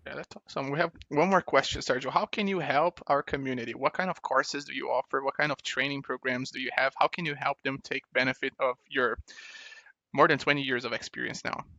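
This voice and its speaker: Fast, bright-voiced male podcast host. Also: mid-range voice, fairly even intonation, vocal fry, no room sound, highs cut off. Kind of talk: casual interview chat.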